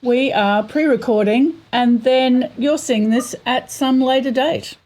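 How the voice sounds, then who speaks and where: A woman's voice: sits high, slow, darkish tone. A woman hosting a casual chat, telling rambling stories. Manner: chatty, rambling storytelling. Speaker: host.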